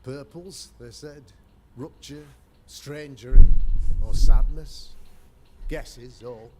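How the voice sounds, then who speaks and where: An actor playing a pompous middle-aged colonial governor who speaks in a formal, long-winded, courtly way, heard as game audio over ambient noise. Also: male voice, medium pitch, fairly even intonation, takes it slowly, close to an everyday voice. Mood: stately.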